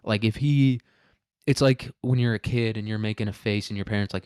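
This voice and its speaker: A man's voice: fairly low pitch, fairly even intonation, fairly quick, a little mellow, smooth, no echo, studio quality. A young man with a nasal voice, rambling and swearing through a casual solo podcast rant, dropping "dude" and "like" and laughing often. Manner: says "dude" and "like" a lot. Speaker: podcast host.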